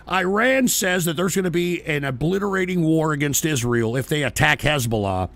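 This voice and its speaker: Gravelly, high, swooping male host, exasperated, cursing out trolls. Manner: exasperated, profane, yelling at trolls. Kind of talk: live political talk show.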